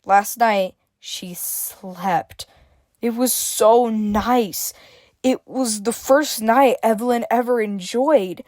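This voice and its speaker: A woman's voice: a little high, slow, darkish tone, no room sound, clean studio sound. A woman reading a scripted story aloud as narrator. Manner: reads dialogue with shifting emphasis, stammers for a frightened character.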